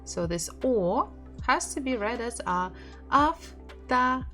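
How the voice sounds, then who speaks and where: Slow-speaking Russian-accented woman teacher. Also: fairly high pitch, expressive, fairly bright tone, faint music behind. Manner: patient, repeats words slowly for practice. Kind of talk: online language lesson, slow drilled pronunciation.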